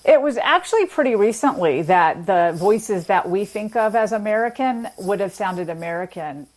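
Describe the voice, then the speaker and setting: A woman guest explaining the history of accents in a measured, academic way during an interview. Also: medium pitch, lively intonation, darkish tone. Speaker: linguist guest.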